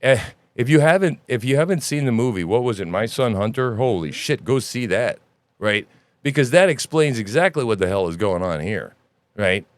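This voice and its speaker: A man hosting a news commentary podcast, ranting in an animated, sarcastic and profane way. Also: mid-range voice, normal speed, no echo. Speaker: podcast host.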